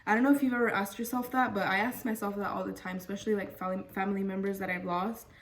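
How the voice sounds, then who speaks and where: A woman's voice: medium pitch, little pitch movement, fast talker. A young woman vlogger telling a casual storytime, chatty and full of fillers. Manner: chatty, lots of fillers and "freaking". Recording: voice a bit far from mic.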